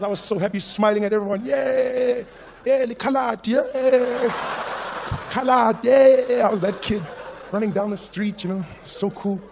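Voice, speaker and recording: A young man telling stand-up comedy stories, animated and acting out characters and sound effects. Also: sits high, a little hiss or hum. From South Africa. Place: live comedy stage.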